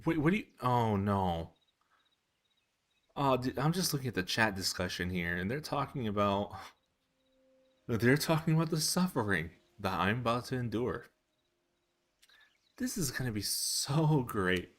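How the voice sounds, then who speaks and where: Animated young man streaming live. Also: a little slow, long pauses. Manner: animated, self-amused storyteller with laughs and squeaky pitch jumps. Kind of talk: casual live-stream chat while coding. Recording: faint music behind.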